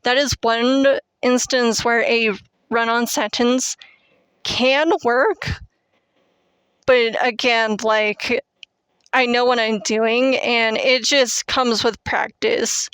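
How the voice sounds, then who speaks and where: A young woman in her twenties gives casual writing tips in a slightly high, smooth voice. She rambles, fills gaps with "like" and "um", and pokes fun at herself. Her headset mic gives a dry, close sound. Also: fairly even intonation, slow pace, fairly bright tone, no room sound. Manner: rambling, filler-heavy, self-deprecating. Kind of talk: casual teaching monologue.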